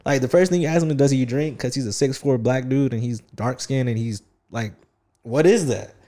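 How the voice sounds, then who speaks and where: Slangy young man, mellow voice. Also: mid-range voice, a little fast. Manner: animated storytelling, slangy, lots of "like". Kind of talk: casual chat.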